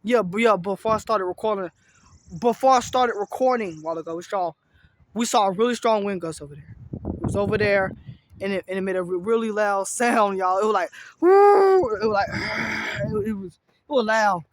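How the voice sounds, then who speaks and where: A man filming himself outdoors in strong wind, rambling excitedly and repeating himself. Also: sits high, brisk. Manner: excitable, rambling, repeats phrases, says y'all often. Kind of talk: casual outdoor weather vlog.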